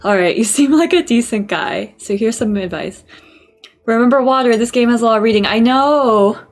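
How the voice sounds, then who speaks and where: A woman's voice: on the high side, normal speed, soft background music, natural voice. A woman reading out a blunt, talking skull man's game dialogue in a plain voice. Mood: blunt advice.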